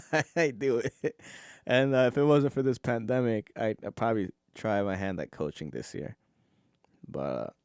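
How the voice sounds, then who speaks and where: A man's voice: lowish voice, no room sound, clean studio sound. A man hosting a solo podcast, rambling casually, swearing, and laughing as he goes. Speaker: podcast host.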